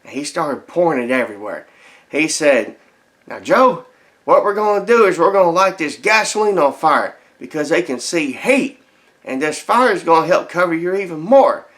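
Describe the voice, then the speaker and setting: An actor playing a dim-witted, boastful adult grandson who tells a rambling folksy tale with stammered restarts. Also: male voice, sits high, a bit bright. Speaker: comedy character telling a story to his grandmother. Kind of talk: comedic storytelling monologue.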